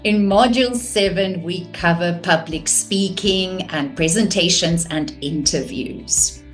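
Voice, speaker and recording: A woman teaching a course on communication, calm and measured, showing vocal techniques. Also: on the low side. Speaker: communication coach.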